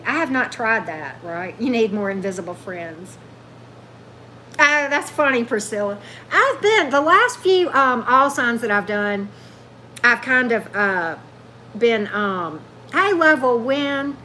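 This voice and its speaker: A woman's voice: on the high side, bright, forceful tone, slight background noise, rough recording. A woman hosting a tarot livestream, chatting loosely and answering viewer comments as they come in. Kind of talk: casual livestream chat with viewers.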